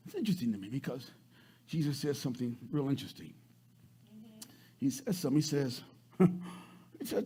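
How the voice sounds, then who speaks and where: A man pastor preaching a sermon, repeating words and swinging from loud to soft. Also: medium pitch, expressive, a little fast, long pauses, husky.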